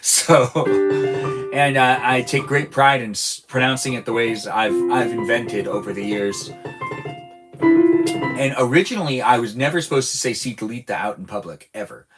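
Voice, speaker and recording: Playful rambling male streamer over music. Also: normal speed. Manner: rambling, playful and high-energy. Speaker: live streamer. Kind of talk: casual live-stream chat while gaming. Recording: clear background music.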